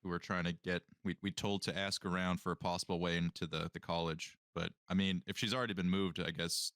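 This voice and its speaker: A man chats as a player at a tabletop game in a laid-back way. His voice is very low. The recording is dry and close. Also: fairly even intonation, fairly quick, fairly bright tone, dry recording. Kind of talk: casual play at a tabletop game.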